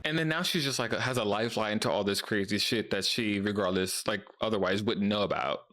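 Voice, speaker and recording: A man hosting a casual reaction video, chatting and laughing as he mimics characters in quick asides. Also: lowish voice, fairly bright tone.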